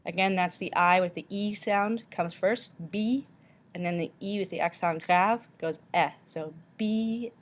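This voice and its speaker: A woman teacher giving a recorded pronunciation lesson, modeling each word slowly and carefully, often saying it twice. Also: lowish voice, steady tone.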